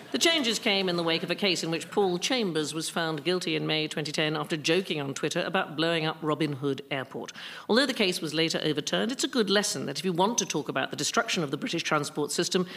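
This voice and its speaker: A woman hosting a comedy news quiz, reading scripted items and landing dry, deadpan punchlines in a studio. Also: low-pitched, a little hiss or hum. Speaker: quiz show host. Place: studio before a laughing audience.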